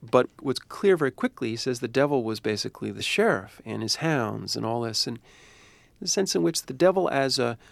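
A man's voice: medium pitch, lively intonation, moderate pace, vocal fry, dry recording. A man, a university professor, answering interview questions in a thoughtful, discursive way.

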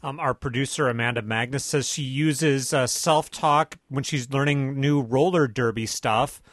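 A man's voice: mid-range voice, measured pace, a bit bright, dry recording, clean studio sound. Man hosting a radio interview. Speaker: radio host.

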